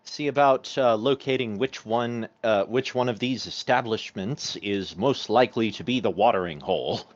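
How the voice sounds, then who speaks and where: A man's voice: on the low side, moderate pace, dry recording. A man playing in a tabletop game, chatting casually and rambling with lots of laughter. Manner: animated, laughing, rambling storyteller. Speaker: player. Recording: dull, lo-fi stream audio.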